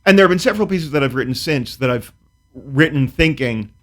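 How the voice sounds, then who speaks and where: A man's voice: medium pitch, expressive, a little fast, fairly bright tone. A man, a comedian guest, telling a comic story in a dry, precise, wry way, then chatting casually about his work. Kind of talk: casual talk-show chat.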